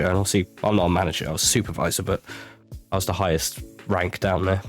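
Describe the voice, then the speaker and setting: Deep-voiced young guy chatting. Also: fairly even intonation, quick pace, faint music behind. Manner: laughs often, acts out customers in quoted voices. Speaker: podcast co-host. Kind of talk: casual chat.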